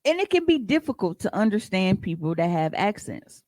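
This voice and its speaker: A podcast co-host telling stories in a casual, profane and animated way, often breaking into laughs. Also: mid-range voice, a little fast, no echo. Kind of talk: casual storytelling chat.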